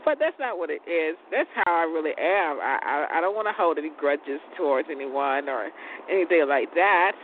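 A woman with a low, expressive voice hosts an internet radio show from an outdoor balcony, rambling at a moderate pace. She's chatty and profane and laughs often, heard over a tinny phone line with faint outdoor noise.

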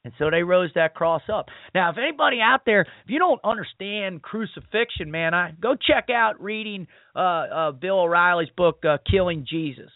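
A man's voice: high-pitched, expressive, moderate pace, few pauses, no echo. A man hosting a podcast, retelling a story in a casual, sermon-like way, emphatic and repetitive, full of "man" and "you know". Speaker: podcast host. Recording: dry, tinny phone-like sound.

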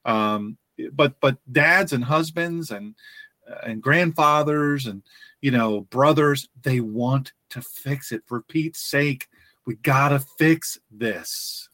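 A man hosting a faith-based podcast, talking earnestly with frequent restarts and pauses. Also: mid-range voice, pushed and bright, no echo. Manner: earnest, halting with many restarts. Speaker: podcast host.

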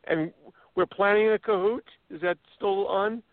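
A male science teacher giving brisk, practical class reminders on a casual online show. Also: high-pitched, steady tone, no echo. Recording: tinny video call.

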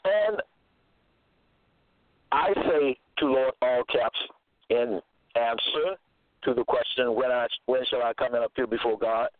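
A man delivers a scripture teaching at a slow, measured pace, repeating key phrases and pausing to check in. His voice sits at an ordinary middle pitch. It comes through a thin, phone-like line with a dry, close sound and no room echo. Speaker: preacher.

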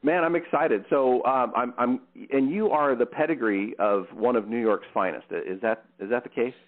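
Upbeat American host on a tinny line. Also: male voice, medium pitch, normal speed. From US Northwest. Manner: upbeat, filler-heavy, stumbling restarts. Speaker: podcast host. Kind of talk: casual interview.

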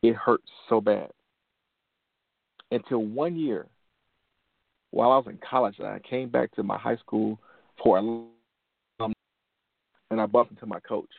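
A gravelly-voiced man from Detroit tells a personal story in an earnest, motivational way, circling back on key phrases. The sound is dry and narrow, like a phone line, with no room around him. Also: fairly low pitch, measured pace, pauses often, dry recording. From Detroit, USA. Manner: earnest, repeats phrases for emphasis. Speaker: motivational show host.

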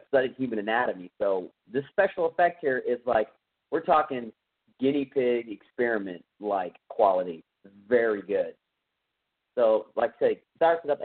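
Texan male podcast host, casual rambling film recap, mid-pitched, tinny phone-like audio. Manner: rambling, animated retelling with quoted voices. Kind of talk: casual movie recap chat.

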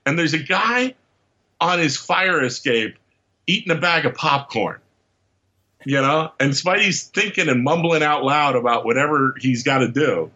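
A man speaks as a podcast guest, spinning anecdotes with animated energy and acting out little quotes along the way. His voice sits fairly high and comes across bright and forceful. The recording is dull and lo-fi. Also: unhurried. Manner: lively storyteller who acts out quotes and laughs often. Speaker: podcast guest, comics writer. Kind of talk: animated anecdote-telling in casual chat.

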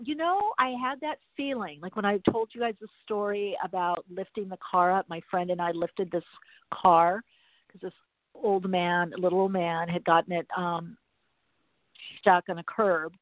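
A woman's voice: medium pitch, no room sound. A woman hosting a podcast in a casual, chatty way, rambling through everyday stories. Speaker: podcast host. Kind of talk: casual chat. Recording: tinny phone-like dry sound.

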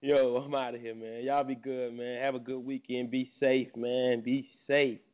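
A man hosting a casual morning talk show, talking in laid-back slang and laughing loudly. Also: mid-range voice, flat delivery, normal speed. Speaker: host. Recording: tinny phone-like audio.

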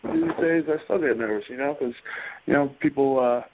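A man's voice: medium pitch, a little fast. A man being interviewed as a guest, telling stories in a loose, rambling way full of "you know" and "like". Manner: rambling, filler-heavy, constant "you know" and "like". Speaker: guest wrestler. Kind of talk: casual interview storytelling. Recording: phone line with faint hiss.

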